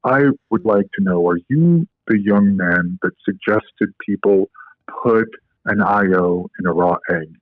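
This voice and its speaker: A man putting on the voice of a formal older male doctor inside a told story, speaking slowly with a deep voice. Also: no room sound, phone-quality sound.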